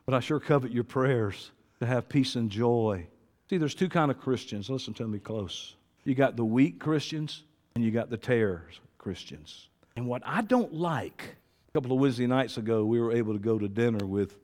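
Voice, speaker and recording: Older preacher with a hall echo. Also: male voice. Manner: storytelling, swings from low asides to loud shouting. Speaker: pastor. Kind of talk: sermon. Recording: long hall reverb.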